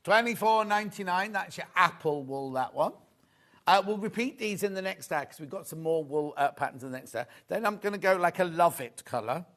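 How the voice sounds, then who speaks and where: A man's voice: high-pitched, expressive, a little fast, a bit bright. A man with a Yorkshire accent co-hosting a live shopping show, chatty and enthusiastic, agreeing often with his co-host. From northern England.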